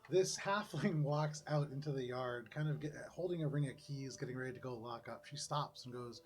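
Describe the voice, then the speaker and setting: A man narrating a tabletop game as game master, describing scenes in a relaxed, vivid way. His voice sits at a middling pitch. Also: moderate pace, slightly rough. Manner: descriptive, relaxed, laughs often.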